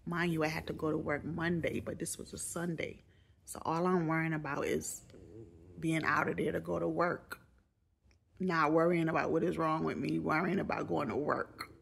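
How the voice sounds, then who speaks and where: Gravelly-voiced woman telling a story. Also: deep voice, moderate pace, slight background noise. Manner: animated, jokey, quoting others in raised voices. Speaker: vlogger. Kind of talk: casual storytelling.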